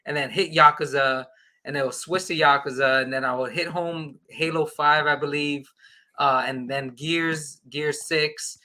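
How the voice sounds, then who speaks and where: Bright-voiced man telling a story. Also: fairly high pitch. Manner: excited storytelling, acting out quoted dialogue. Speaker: podcast guest. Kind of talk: casual anecdote on a podcast.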